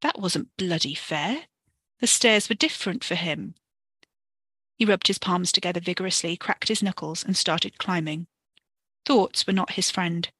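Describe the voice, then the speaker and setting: A woman reading a story for a podcast in a steady, expressive way. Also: lowish voice, measured pace, husky, no echo. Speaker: podcast narrator.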